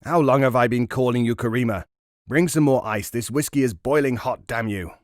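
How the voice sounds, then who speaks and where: A man's voice: fairly low pitch, normal speed, no room sound, studio quality, close to an everyday voice. A man doing a drunk, bullying general. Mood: angry. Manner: shouting, barking orders.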